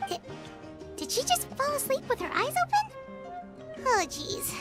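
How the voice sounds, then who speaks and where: A woman's voice: very high voice, sing-song, measured pace, over loud music, exaggerated voice. A woman voicing a tiny, chirpy fairy companion girl who refers to herself in the third person in a video game.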